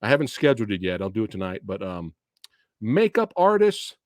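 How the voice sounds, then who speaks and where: A man's voice: fairly low pitch, big pitch swings, a little fast, no echo, clean studio sound. A man hosting a casual movie review stream. He rants with a lot of swearing and laughs often. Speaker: host of a movie review channel.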